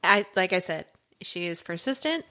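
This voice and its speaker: A woman's voice: fairly low pitch, lively intonation, moderate pace, sharp tone. A woman co-hosting a podcast in casual chat, rambling with lots of filler words and trailing thoughts. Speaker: podcast co-host.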